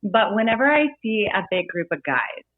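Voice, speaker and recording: Lively woman on a tinny line. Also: mid-range voice, normal speed, slightly rough, no room sound. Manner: lively, playful, laughs while telling stories. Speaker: event bartender, guest. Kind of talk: casual storytelling interview. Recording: dry phone-like audio.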